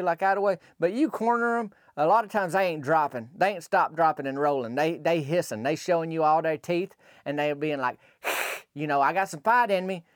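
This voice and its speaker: Man spinning a folksy tall tale, rambly and chatty, kinda high voice, dry close mic. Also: no room sound. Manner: rambling, colloquial, drawn-out asides. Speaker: podcast storyteller. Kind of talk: folksy comic storytelling.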